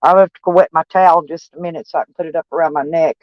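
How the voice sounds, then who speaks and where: A woman's voice: sits low, fairly even intonation, rapid-fire, dry recording. Blunt, foul-mouthed older woman venting. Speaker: van-life vlogger. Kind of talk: casual rambling talk to camera. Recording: dull, dry recording.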